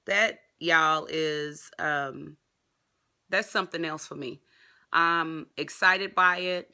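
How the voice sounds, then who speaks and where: A woman giving a casual, excited vlog update, chatting to her viewers and calling them y'all. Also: sits low, slow, clean tone. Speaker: vlogger.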